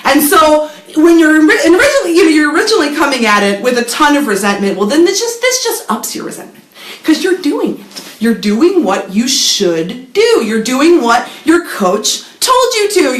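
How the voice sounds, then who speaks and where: A woman's voice: high-pitched, big pitch swings, normal speed, echoey room, slight background noise. A woman hosting her own show, giving marketing advice in a casual, sardonic talk to camera, acting out quoted voices and swearing offhandedly.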